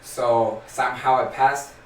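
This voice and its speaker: A man's voice: medium pitch, fairly even intonation, unhurried, distant mic, slight background noise. A young man from Argentina with an Argentine Spanish accent, chatting as a podcast guest in a rambling way with many fillers. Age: young adult. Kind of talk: casual podcast chat. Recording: echoey room, off-mic, faint ambience.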